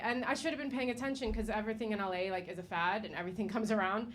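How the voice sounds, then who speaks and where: A woman's voice: mid-range voice, steady tone, very fast, few pauses. An American woman in her thirties doing a stand-up comedy set, chatty and full of fillers, laughing at her own jokes. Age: 30s. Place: comedy stage. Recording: noisy live stage recording.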